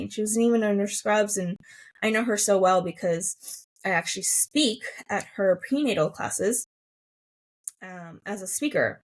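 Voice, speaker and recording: A pregnant woman in her thirties hosting a solo podcast, talking in a soft, emotional, reflective way with many fillers. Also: mid-range voice. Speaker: podcast host.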